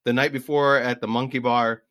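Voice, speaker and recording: A man in his forties, a podcast guest telling travel stories in an animated, laughing way. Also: mid-range voice, moderate pace, no echo. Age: 40s. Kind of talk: casual storytelling.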